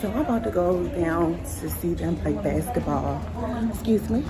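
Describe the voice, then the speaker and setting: A woman, talking casually to her viewers in a cruise vlog, animated and chatty, calling them y'all. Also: lowish voice, normal speed. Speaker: vlogger. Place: aboard a cruise ship. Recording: busy crowd and music noise. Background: music and a loud crowd.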